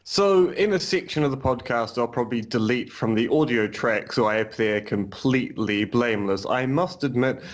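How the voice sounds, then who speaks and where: A man's voice: medium pitch, normal speed, few pauses. A man co-hosting a podcast over a video call, chatting casually with dry, self-deprecating jokes. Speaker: podcast co-host. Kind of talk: casual chat. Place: home in Romania.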